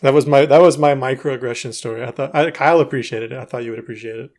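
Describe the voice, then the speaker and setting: A married man co-hosting a podcast, telling a story in a dry, low-key way. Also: fast, darkish tone. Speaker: podcast co-host. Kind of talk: casual storytelling chat.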